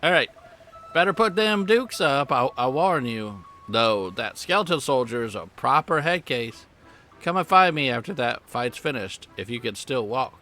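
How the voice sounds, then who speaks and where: A man's voice: medium pitch, animated, normal speed, bright, forceful tone, soft background music. A man voicing a cocky, taunting sailor who picks fights, in a put-on Southern drawl. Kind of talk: reading game dialogue aloud.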